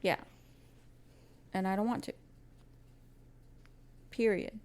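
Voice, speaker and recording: A woman's voice: mid-range voice, steady tone, takes it slowly, a little mellow. Breezy, emphatic woman podcaster. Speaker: podcast co-host. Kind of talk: casual chat.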